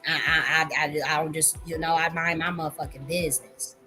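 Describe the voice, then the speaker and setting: A woman's voice: low-pitched, steady tone, fairly quick, sharp tone, soft background music. A woman hosting a livestream who talks casually and emphatically, full of profanity and repeated words. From Buffalo area, US. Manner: profane, repetitive, emphatic, laughing. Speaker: livestream host. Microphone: livestream mic.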